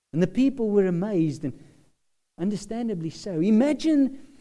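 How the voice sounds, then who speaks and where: Male preacher, sermon delivery, unhurried, warm dark tone, emphatic swells. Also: sits high. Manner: expressive, with emphatic bursts of loudness. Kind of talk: sermon, Bible exposition.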